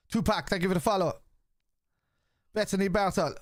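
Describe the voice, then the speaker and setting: This is a high-pitched, slightly fast-talking middle-aged Irish man on a live football watchalong. Chatty and profane, he reacts to the action and reads out what viewers write in chat. The recording is studio quality and echo-free.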